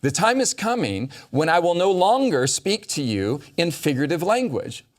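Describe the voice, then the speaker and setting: An animated man hosts a Bible study round-table, teaching emphatically and quoting scripture with dramatic stress. His pitch is fairly high and he speaks at normal speed.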